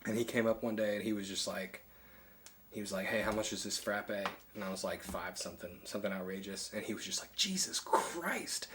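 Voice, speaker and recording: A man's voice: fairly low pitch, level tone, fast talker, a bit bright, a little hiss or hum. A young man telling rambling stories in a casual chat over drinks, recorded in a home attic studio. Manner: rambling storyteller, lots of "like". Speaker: guest.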